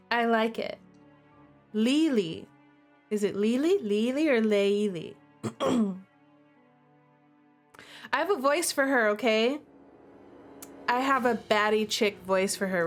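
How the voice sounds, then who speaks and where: A young woman reading a dating-sim game aloud and reacting with excited, gushing commentary. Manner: excitable and gushing, with big pitch jumps. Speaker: streamer playing a dating sim.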